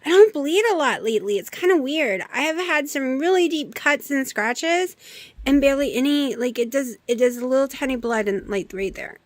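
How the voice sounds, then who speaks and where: Chatty high-voiced woman vlogging at home. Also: dry recording. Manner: chatty, coos baby talk at her cats. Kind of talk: casual chat to camera. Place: home room.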